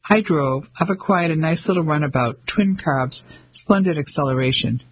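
A man reading the part of a polite, chatty young English gentleman in an audiobook. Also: fairly high pitch, normal speed, a little hiss or hum, lightly acted. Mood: easygoing. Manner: polite, upper-class, chatty.

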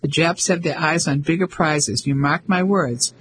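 A pompous, self-satisfied old colonel, bluff and opinionated, as a male narrator puts him on. The voice sits fairly high for a man, delivered in steady storybook reading. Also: normal speed, slight background noise, close to an everyday voice, rough recording. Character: pompous older English colonel, chatty man.

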